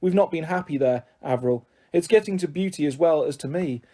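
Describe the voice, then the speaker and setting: A timid young mother, voiced by a male storyteller, who speaks shakily and hesitantly. Her voice is mellow and a bit raised. She sounds close to tears. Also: a little high, fairly quick, natural voice. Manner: hesitant, shaky.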